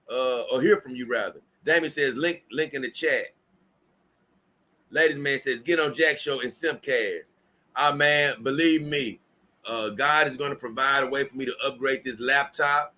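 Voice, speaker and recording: A man's voice: mid-range voice, normal speed, sharp tone. Tired man rambling on a livestream. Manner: rambling, repeats himself and restarts often. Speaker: livestream host. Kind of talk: casual livestream chat, reading viewer comments aloud.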